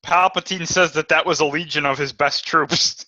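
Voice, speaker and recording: A man's voice: fairly high pitch, steady tone, moderate pace, very noisy. A man chatting casually on a podcast, teasing the others. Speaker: podcast co-host. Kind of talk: casual chat. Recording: dull, dry mic sound.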